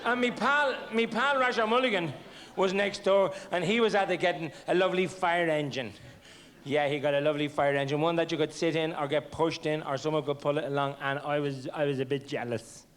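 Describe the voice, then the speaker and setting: A man's voice: on the high side, steady tone, a little fast, a bit bright. A man telling comic childhood stories on stage, with a stammering, mock-innocent delivery. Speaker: stand-up comedian. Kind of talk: stand-up storytelling. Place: theatre stage. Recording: noisy old VHS tape.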